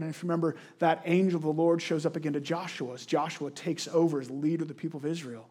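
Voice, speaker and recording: Male pastor with a high voice, earnest conversational preaching, rhetorical questions. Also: steady tone, quick pace, few pauses, dark tone, breathy edge. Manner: frequent restarts and repeated words. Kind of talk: sermon.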